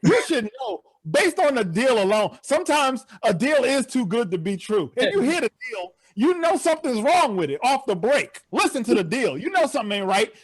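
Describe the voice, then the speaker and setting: A man doing a virtual stand-up comedy set over a video call, telling stories with animated, incredulous outbursts. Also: extremely high pitch, normal speed, hardly any pauses, husky, no echo.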